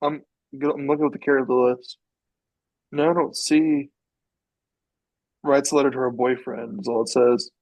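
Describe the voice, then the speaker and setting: A man's voice: medium pitch, flat delivery, normal speed, pauses often, a little mellow, low-quality recording. A man co-hosting a podcast in casual chat, enthusiastic and often checking in with his co-host. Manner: enthusiastic, often asks "you know what I'm talking about?".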